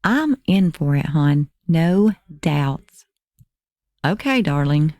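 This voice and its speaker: Crime narrator, female: deep, mellow read of text messages, dry close sound. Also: lively intonation, takes it slowly, dry recording. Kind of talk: reading text messages aloud.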